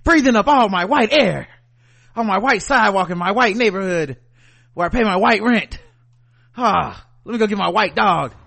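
A man's voice: high-pitched, animated, moderate pace, vocal fry, fairly bright tone, exaggerated voice. A man mocking a snooty, indignant neighbor lady. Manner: exaggerated mocking imitation.

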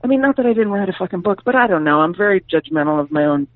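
A woman comedian in a casual podcast chat, telling stories in a profane, animated way. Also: medium pitch, rapid-fire, no echo. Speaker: comedian guest. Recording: tinny phone-like, dry sound.

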